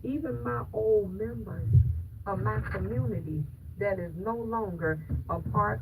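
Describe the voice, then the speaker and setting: A woman's voice: medium pitch, a little slow, gravelly, narrow, tinny audio. A woman vlogger talking casually to her viewers about faith. She speaks in an emphatic, preachy way and repeats phrases for stress. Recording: distant mic with loud background noise.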